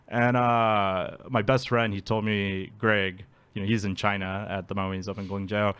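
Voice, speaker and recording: A man's voice: lowish voice, little pitch movement, moderate pace, hardly any pauses, fairly bright tone, smooth. A man being interviewed, telling his story casually, laughing often and acting out quotes. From Alaska. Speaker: guest.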